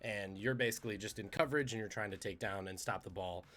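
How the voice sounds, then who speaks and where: A man hosting a podcast, telling trivia stories in a casual, animated, conversational way. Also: lowish voice, quick pace. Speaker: podcast host.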